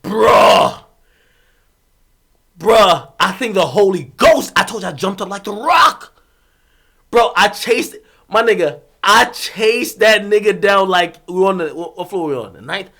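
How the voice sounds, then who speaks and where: Chatting casually at a moderate pace, a young streamer from Jamaica laughs and curses his way through a rowdy story, his volume lurching from loud outbursts to quiet mutters.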